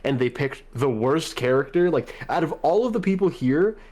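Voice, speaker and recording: A man co-hosting a podcast, speaking casually and bluntly, quick to criticize. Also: fairly high pitch, animated, darkish tone. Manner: blunt and critical, calls things stupid. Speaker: podcast co-host. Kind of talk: casual fan discussion.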